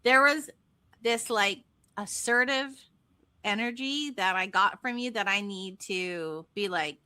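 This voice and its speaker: A woman's voice: medium pitch, slow pace, sharp tone, smooth, no room sound. A woman co-hosting a podcast, chatty and agreeable as she reacts to the discussion. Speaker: podcast co-host. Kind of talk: casual podcast chat.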